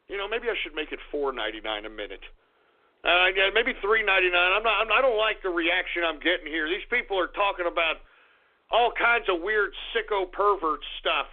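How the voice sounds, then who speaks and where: A man hosting a radio show, ranting angrily, swearing and swinging between low grumbling and shouting. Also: sing-song, moderate pace. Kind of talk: ranting call-in radio talk. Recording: tinny phone-like radio recording.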